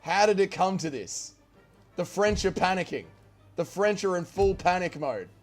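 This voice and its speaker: Male game streamer, high voice, loud swearing play-by-play, faint music under. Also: moderate pace. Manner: excitable, swearing, shouting orders and cheers. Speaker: gaming streamer. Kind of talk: live strategy-game commentary.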